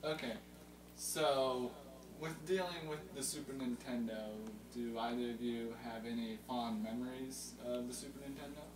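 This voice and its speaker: A young man hosting a casual chat about video games, informative and a little halting with fillers. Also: mid-range voice, fairly even intonation. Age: young adult. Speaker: host. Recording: roomy, distant mic with loud hum.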